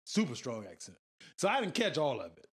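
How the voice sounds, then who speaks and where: A man's voice: mid-range voice, wildly swooping pitch, fairly quick, fairly bright tone, breathy edge. A man in casual, profane conversation, telling stories and laughing often. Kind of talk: casual chat.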